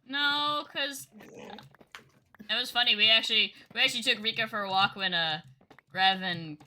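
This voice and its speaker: A woman's voice: on the high side, unhurried, pushed and bright, a little hiss or hum. A woman from New Jersey hosting a stream, chatting casually in a rambling way while playing a game. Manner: chatty, rambling with many restarts and laughs. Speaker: streamer host. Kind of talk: casual chat while gaming.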